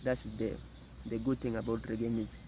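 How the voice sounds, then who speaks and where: A man hosting a reaction video, talking to camera in a halting, repetitive way and often calling the viewers "guys". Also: on the low side, little pitch movement, mellow, a little hiss or hum. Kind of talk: casual commentary to camera.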